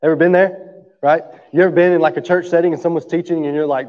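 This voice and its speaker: A slightly high-voiced man with a steady tone and quick delivery preaches to his congregation in a church sanctuary. He keeps it conversational, often checks in with "right?", and coughs through the talk; the recording is dull with long hall reverb.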